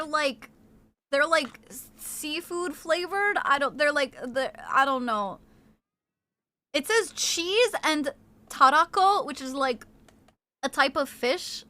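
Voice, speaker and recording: Woman, streamer, casual chat, bubbly, high-pitched, bright tone. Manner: snacking on crunchy crackers.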